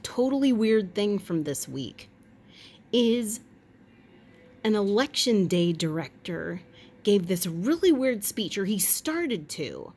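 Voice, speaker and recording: A woman's voice: mid-range voice, darkish tone. Rambling, wry woman vlogger. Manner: rambling, wry, quick to swear and joke. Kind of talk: casual chat.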